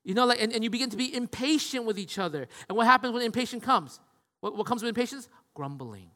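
A man with a fairly high voice preaches in a church hall with a long reverb hanging on every phrase. He talks emphatically, drops from loud to hushed and back, and keeps asking his listeners rhetorical questions. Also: expressive, fast talker. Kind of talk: sermon.

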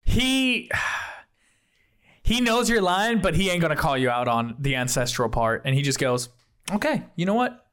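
Excitable man running a tabletop game. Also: fairly high pitch, unhurried, clean tone. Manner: rambling, excitable, slangy. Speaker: game master. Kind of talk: narrating a tabletop game, voicing characters.

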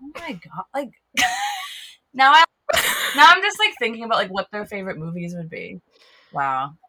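A woman's voice: mid-range voice, animated, normal speed, pushed and bright. A young woman hosting a casual film podcast, chatty and giggly, with lots of "like" fillers. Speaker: podcast host.

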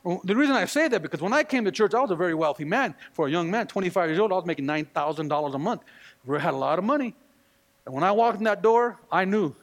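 Preaching to a congregation in church, a male pastor speaks fast in a voice that sits high. He's animated, acting out quoted voices and firing rhetorical questions at the room.

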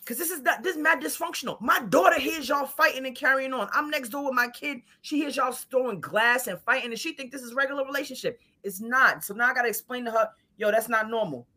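A woman from Brooklyn with a bright, forceful voice. She tells stories in casual podcast chat. Her manner is blunt and emphatic. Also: high voice, fast, few pauses. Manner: animated storyteller, blunt and emphatic. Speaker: guest co-host.

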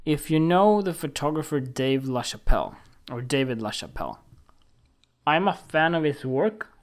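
A man ranting casually and indignantly about a photographer, emphatic and profane, with frequent halting restarts. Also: a little high, sing-song. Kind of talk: casual opinion rant to camera.

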